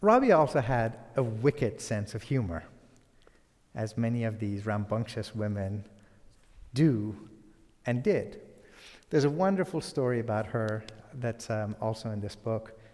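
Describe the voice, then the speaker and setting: Brief: male lecturer, slow, mellow, hushed phrase endings, long hall reverb. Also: on the low side, animated. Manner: soft and deliberate, trailing into near-whispers. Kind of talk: public lecture.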